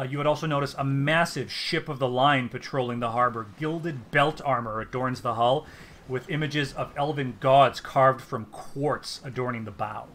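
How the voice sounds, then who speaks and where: A man's voice: mid-range voice, a bit bright. A man narrating as game master of a tabletop game, casual with lots of fillers.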